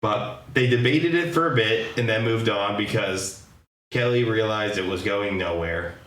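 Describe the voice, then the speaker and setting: Podcast host, male, lowish voice, chatty storyteller in an echoey room. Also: measured pace, fairly bright tone. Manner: chatty storyteller, hedges and jokes. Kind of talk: casual chat.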